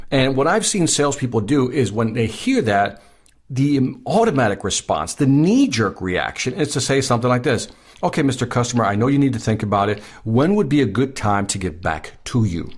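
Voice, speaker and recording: A man's voice: medium pitch, breathy edge. A man giving a sales training talk, emphatic, repeating key points and putting questions to the listener.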